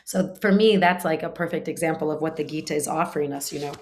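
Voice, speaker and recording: A woman's voice: sits low, fast, slight background noise. A woman teaching a spiritual class in a conversational way, full of fillers and restarts, now and then acting out short quoted lines. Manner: acts out short quoted lines in her talk.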